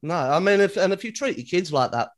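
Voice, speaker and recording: High-voiced man, frank podcast dad. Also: animated, a little fast. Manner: frank, agreeing, profane storytelling. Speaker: father. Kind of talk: casual podcast chat.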